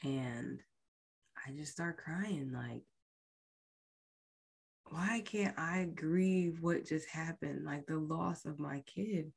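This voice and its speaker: Woman in her thirties, low voice, slow and halting storytelling that drops to near-whispers. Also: gravelly, a little mellow, breathy edge. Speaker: podcast host. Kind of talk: personal storytelling.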